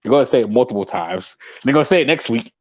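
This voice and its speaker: A playful young man ribs his co-host on a casual sports podcast, his pitch bouncing up and down. The sound is a bit dull and lo-fi. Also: animated, rapid-fire, darkish tone. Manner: teasing, playful, laughs often.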